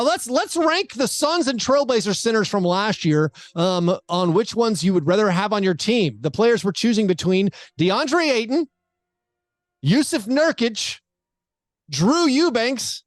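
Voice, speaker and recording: A man's voice: high-pitched, very animated, measured pace, no room sound, studio quality. A man hosting a podcast in casual chat, rambling along with many fillers and restarts. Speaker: podcast host.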